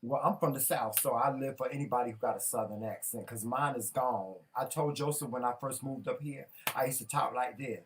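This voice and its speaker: A man from North Carolina co-hosting a casual chat show, talking in a playful, teasing, animated way. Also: medium pitch, a little fast, few pauses, distant mic, slight background noise. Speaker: co-host.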